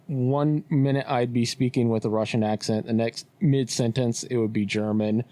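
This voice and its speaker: Male podcast co-host: easygoing storyteller, laughs often, mid pitch. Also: fairly even intonation, unhurried, mellow. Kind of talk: casual chat.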